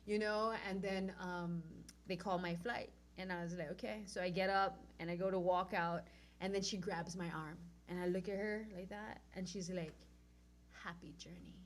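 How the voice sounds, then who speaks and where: A woman from Oahu with a Hawaiian accent, a guest telling a personal story in an animated way and acting out what she said back then, from loud to hushed. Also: on the low side, normal speed, slight background noise. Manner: acts out her own past lines, swinging from loud to hushed.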